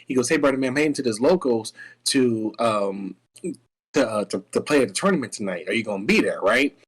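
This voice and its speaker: A man's voice: medium pitch, a little fast, slightly rough, poor audio. Rambling young man telling a story. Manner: rambling, animated storyteller with many restarts. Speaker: guest. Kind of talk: casual storytelling chat.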